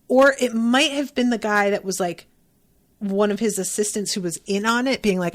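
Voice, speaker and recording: A woman hosting a podcast, recapping an episode in a chatty, animated way and swearing playfully. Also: on the high side, moderate pace. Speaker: podcast host.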